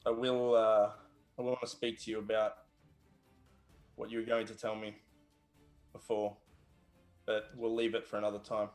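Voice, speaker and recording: A man voicing a steady, caring leader in a tabletop role-play, talking calmly with hesitant pauses. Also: lowish voice, soft background music, natural voice. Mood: concerned. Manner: calm, hesitant, with filler pauses.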